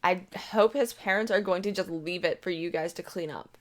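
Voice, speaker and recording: A woman's voice: lowish voice, moderate pace, natural voice. A woman voicing a rude, entitled female shopper who talks in a snide, demanding way while reading a story aloud.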